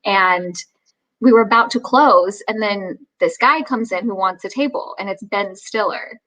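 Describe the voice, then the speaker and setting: A young adult actress chatting as an interview guest, telling lively stories, acting out quoted voices and laughing often. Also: female voice, mid-range voice, measured pace, crowd noise, rough recording. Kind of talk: casual interview chat.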